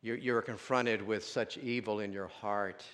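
A man preaching a sermon, dropping to near-whispers and then rising to loud, drawn-out emphasis, with stammered repeats. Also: lowish voice, fairly even intonation. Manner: swings between soft hushed lines and loud emphatic stresses, stammering repeats. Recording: long hall reverb.

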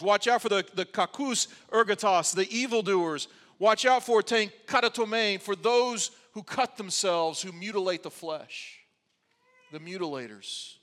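High-voiced man preaching in a reverberant hall. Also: fairly bright tone. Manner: conversational preaching with wry asides. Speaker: pastor. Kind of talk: sermon.

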